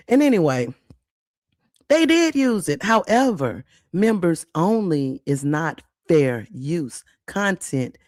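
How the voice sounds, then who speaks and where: A woman's voice: low voice, a little mellow, no echo, studio quality. A woman hosting a casual livestream, chatty and blunt with salty slang, greeting viewers by name. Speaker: livestream host.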